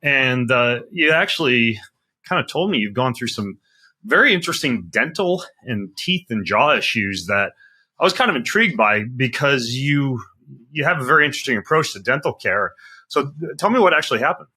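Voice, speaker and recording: A man's voice: mid-range voice, lively intonation, moderate pace, sharp tone, husky. A middle-aged man hosting a podcast interview, casual and joking, rambling with fillers. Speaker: podcast host.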